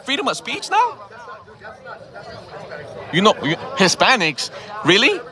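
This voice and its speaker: A man's voice: high-pitched, wildly swooping pitch, slow, bright, forceful tone, a faint crowd. A man confronting people in a heated outdoor argument, firing repeated questions and swearing, filmed on his own phone camera. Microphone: phone camera held by the speaker.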